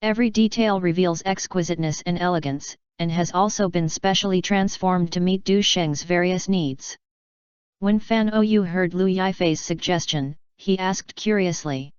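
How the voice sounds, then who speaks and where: A woman reading a novel aloud in an even, steady narration, in a slightly dull lo-fi recording. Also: lowish voice, moderate pace, clean tone, no echo. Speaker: audiobook reader. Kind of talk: scripted narration.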